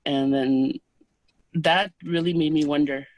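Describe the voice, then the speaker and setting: Soft-spoken woman telling a reflective story. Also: low voice, steady tone, dry recording. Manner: soft, unhurried and reflective, with hesitant pauses. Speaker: interview guest. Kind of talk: personal storytelling in conversation.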